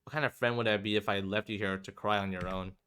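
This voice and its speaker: A man's voice: on the low side, steady tone, quick pace, pushed and bright, clean tone. A man voicing a brooding, defiant student. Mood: earnest. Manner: curt, sarcastic, muted. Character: defiant young male student, brooding and bitter.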